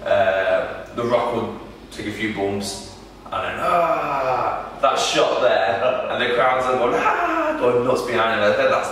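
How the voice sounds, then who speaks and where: A man, a wrestler, answering interview questions in a halting, casual way with many restarts. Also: fairly low pitch, fairly bright tone, a little hiss or hum. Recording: echoey room from far off.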